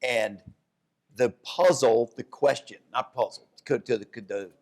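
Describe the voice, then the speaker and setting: A man, an economics professor, talking economics onstage at a live event, animated, often restarting his sentences. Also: measured pace. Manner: animated storyteller, jumps to high voices for quotes; restarts and self-corrections. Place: downtown event hall with live audience.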